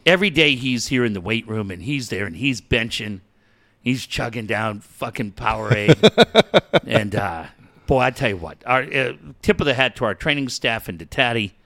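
A man's voice: mid-range voice, animated, normal speed, sharp tone, pitched below the performer's own voice. A man playing a folksy male team executive who rambles through a glib, mock-sincere injury update.

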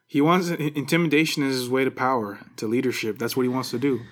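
A man's voice: mid-range voice, steady tone, quick pace, a bit bright. A man chatting casually, giving dry, wry remarks and short replies. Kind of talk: casual chat.

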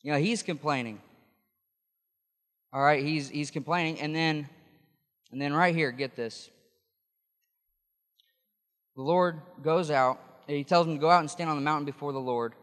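A man's voice: fairly high pitch, normal speed, pauses often, fairly bright tone, in a large hall. A man preaching a sermon, explaining scripture in a conversational way with frequent restarts. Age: adult.

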